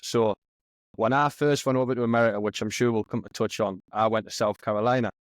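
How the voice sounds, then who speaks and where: A man's voice: lowish voice, steady tone, quick pace, no room sound. Chatty Geordie man, dry close mic. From northeast England. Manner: chatty banter, heavy local slang. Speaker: podcast guest, soccer captain. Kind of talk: casual chat.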